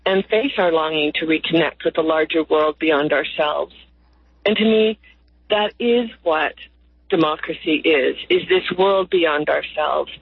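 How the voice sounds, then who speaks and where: A husky-voiced woman guest speaks slowly and earnestly, shaping her thoughts into lyrical phrases. She comes through a thin, tinny phone line with a dry, close sound. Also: on the low side, no room sound. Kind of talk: reflective interview talk.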